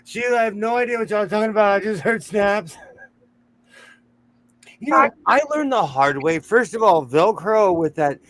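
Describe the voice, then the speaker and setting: A man hosting a casual sewing chat, excitable and teasing, repeating himself for laughs. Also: high voice, moderate pace. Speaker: host.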